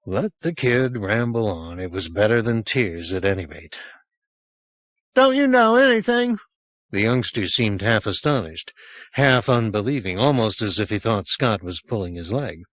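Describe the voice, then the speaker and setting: A man reading a horror short story aloud as an audiobook narrator, measured and expressive. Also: on the low side, no echo. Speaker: audiobook reader.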